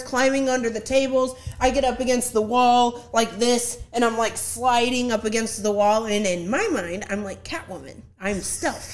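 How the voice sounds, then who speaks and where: A young woman telling a story in casual chat, animated and acting out the quotes, laughing often. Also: a little high. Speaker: podcast guest.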